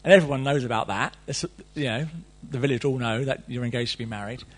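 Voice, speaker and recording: A man's voice: mid-range voice, quick pace. A middle-aged man preaching a sermon, reading scripture and then riffing on it with playful, conversational asides.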